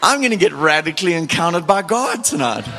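A man preaching a lively sermon in a church, breaking into loud laughter and shouts as he urges the congregation on. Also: a little high, fairly quick, a little hiss or hum. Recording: echoey church hall.

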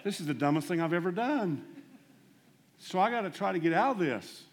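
A man preaching a storytelling sermon in a fairly high voice. He is animated and self-deprecating, jumping from loud bursts to hushed asides as he acts out each exchange. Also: fairly quick, a little hiss or hum.

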